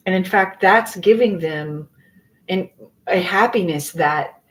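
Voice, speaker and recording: A woman's voice: fairly low pitch, takes it slowly, rough recording. A woman giving a live tarot reading to her viewers, earnest and rambling, circling back over her words and swearing casually. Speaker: tarot reader.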